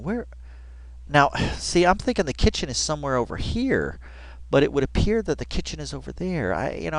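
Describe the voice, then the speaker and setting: A man talking through a video in a loose, rambling way, full of wry asides and casual cursing. His pitch sits in an ordinary middle range. The sound is dry and close, with no room echo. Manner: rambling, wry, swears freely, thinks aloud. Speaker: video commentator. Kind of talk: casual commentary over a video.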